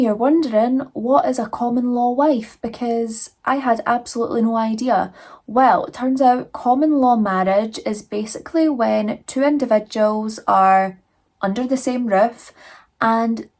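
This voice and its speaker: A woman's voice: fairly high pitch, unhurried, a little mellow. A woman casually narrating a true crime case, chatty, with asides to viewers.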